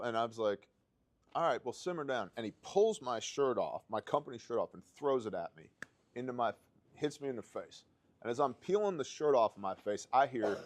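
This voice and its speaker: Blunt, low-voiced man telling stories. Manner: blunt, profane, animated storyteller. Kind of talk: casual storytelling chat.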